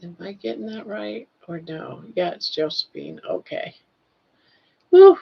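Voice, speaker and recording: An older woman hosts a relaxed live chat, talking slowly and drawing out each viewer's name with folksy friendliness. Her voice has a gravelly, fry-tinged edge. The stream audio sounds a little dull and lo-fi. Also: mid-range voice. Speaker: livestream host. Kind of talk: casual live chat, reading viewer comments.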